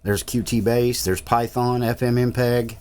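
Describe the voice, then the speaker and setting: A man's voice: medium pitch, steady tone, a little slow, darkish tone, clear, resonant tone. A man, narrating a casual tech tutorial in an easygoing, rambling way with frequent uhs. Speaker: tech channel host.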